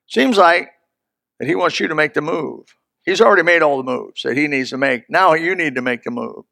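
Gravelly older preacher. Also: male voice, moderate pace. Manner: folksy, swings from loud and high to low and hushed. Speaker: pastor. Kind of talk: sermon.

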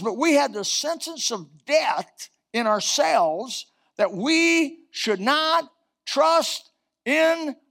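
High-voiced preacher, rising to shouts. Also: male voice. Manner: preaching with sudden rises and shouts, reciting scripture. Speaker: pastor. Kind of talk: sermon.

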